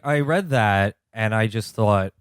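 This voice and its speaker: A man with a low voice hosts a relaxed podcast interview. His questions come with ironic teasing, recorded close on a dry mic with no room sound. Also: slow pace, clear, resonant tone, no echo. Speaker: podcast host.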